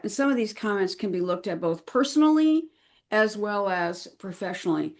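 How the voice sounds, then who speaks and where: Earnest chatty woman podcast guest. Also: mid-range voice. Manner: chatty and earnest, with frequent fillers and laughs. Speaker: crisis management consultant, podcast guest. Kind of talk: conversational podcast interview.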